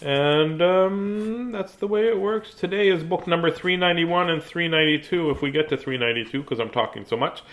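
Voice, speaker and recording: A man's voice: a little high, brisk, hardly any pauses, fairly bright tone. A man in his fifties reading a children's book aloud live, chatting and joking between pages. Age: 50s. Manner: chatty, jokey, digressive. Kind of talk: casual live read-aloud.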